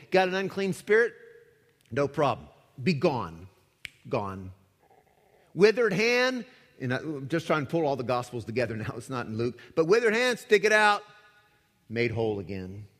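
Dramatic preaching man, echoey hall. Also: mid-range voice. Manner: dramatic, emphatic, swings from loud to hushed. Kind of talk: sermon. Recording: echoey hall with long reverb.

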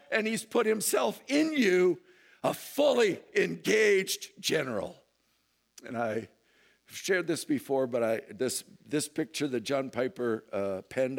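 A man preaching a sermon, moving from low, intense delivery to loud impassioned emphasis. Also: gravelly. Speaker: pastor.

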